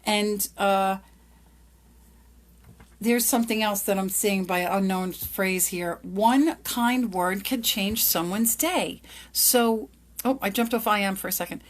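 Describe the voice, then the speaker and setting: A middle-aged woman and lawyer hosting a motivational talk, upbeat, acting out little dialogues in a brighter voice. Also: mid-range voice, slow. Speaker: lawyer and podcast host. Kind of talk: motivational monologue.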